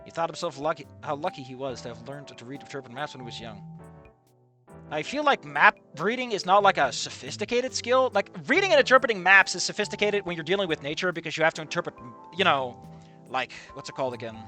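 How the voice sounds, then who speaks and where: A man's voice: on the high side, animated, quick pace, sharp tone, soft background music. Sarcastic man reading aloud with jokes. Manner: sarcastic, swears a lot. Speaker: reader and commentator. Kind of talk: casual reading with commentary.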